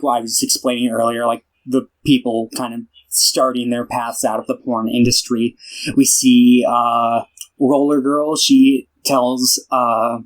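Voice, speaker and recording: A man on a podcast rambles through a film recap, with plenty of "like" and "uh" as he loses and finds his thread. His voice sits at an ordinary pitch for a man. He keeps it loose and conversational. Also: poor audio. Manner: rambling, filler-heavy, lots of "like" and restarts; retells scenes by acting out the characters' lines. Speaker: podcast co-host. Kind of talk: casual film recap chat.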